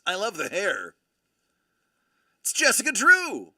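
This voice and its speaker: A man hosting a live stream, excitedly opening trading cards and exclaiming over each one. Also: high-pitched, measured pace, creaky, dry recording, studio quality. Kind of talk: live-stream card breaking.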